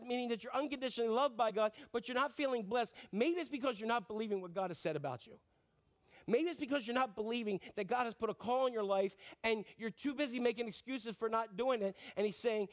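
A man preaching a sermon, animated and talking straight to the congregation with questions and acted-out quotes. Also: sits high. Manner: animated, acts out quotes, asks audience questions. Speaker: pastor.

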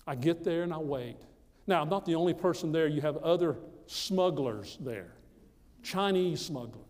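A man's voice: fairly high pitch, expressive, normal speed, a little mellow. Emphatic preacher man in a reverberant hall. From United States. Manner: emphatic, repeats phrases for effect. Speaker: preacher giving a testimony. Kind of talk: storytelling sermon.

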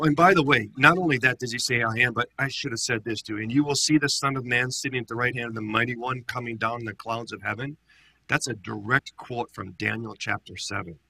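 A male pastor teaching a Bible study in an animated, conversational way, acting out the quotes he reads. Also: mid-range voice, creaky, husky, no room sound.

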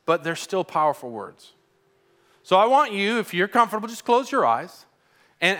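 A pastor preaching a sermon, emphatic and putting questions to his congregation. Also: high voice. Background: soft music.

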